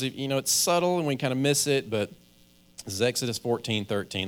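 A male pastor delivers a sermon in an easygoing, conversational way. He keeps voicing the inner thoughts of ordinary people and stumbles over his own restarts. His pitch sits in the middle of the male range. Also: clear, resonant tone. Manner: conversational preaching, acts out inner voices, stammers on restarts.

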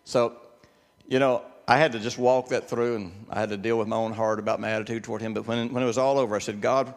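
A man's voice: medium pitch, steady tone, fast, big-room sound. An older man preaching a sermon, telling folksy personal stories and repeating words for emphasis.

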